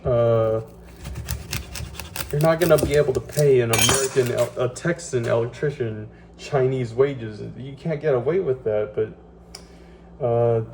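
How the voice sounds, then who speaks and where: A man rants about work while he cooks, his talk full of fillers, restarts and curses. He sits some way off from a phone mic in a home kitchen. Running tap water and kitchen clatter come through clearly behind him. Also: mid-range voice, measured pace, recorded from a distance, noisy background. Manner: rambling, profane, many fillers and restarts. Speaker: vlogger. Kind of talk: casual venting monologue. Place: home kitchen, cooking at the stove.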